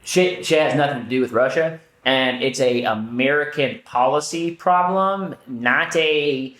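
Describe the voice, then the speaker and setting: A man co-hosting a podcast, telling stories in casual chat, animated, swearing, often restarting his sentences. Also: medium pitch, a little slow. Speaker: podcast co-host. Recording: roomy echo.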